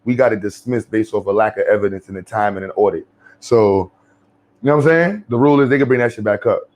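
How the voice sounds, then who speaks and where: A man's voice: lowish voice, quick pace, a little mellow. A man with a New York accent giving blunt, profane, slangy commentary as a vlogger.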